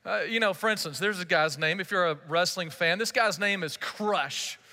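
A man's voice: high voice, moderate pace, sharp tone. A male pastor delivering a sermon, telling the story with playful acted-out dialogue. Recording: large hall with long reverb.

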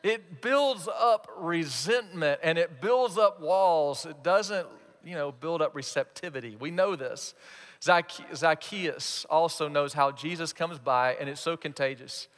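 A man preaching a sermon as pastor, animated and playing out quoted voices. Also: fairly high pitch, a little slow. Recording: reverberant hall.

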